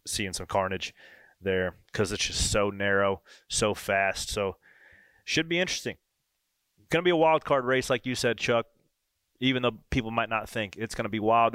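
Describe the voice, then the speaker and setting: A man hosting a podcast, chatting loosely and excitedly about racing. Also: lowish voice, clear, resonant tone, dry recording. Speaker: podcast host and race driver. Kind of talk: casual podcast banter.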